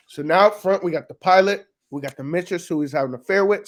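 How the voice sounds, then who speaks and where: A man casually recapping a TV episode for his channel, loose and profane, with lots of fillers. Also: on the high side. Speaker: reaction video host.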